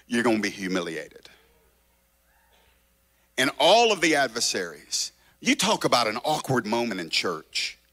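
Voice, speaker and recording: A male pastor preaching a revival sermon with a bright, forceful tone. He swings between loud shouting and hushed, quiet stretches, driving each point home with passion. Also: medium pitch.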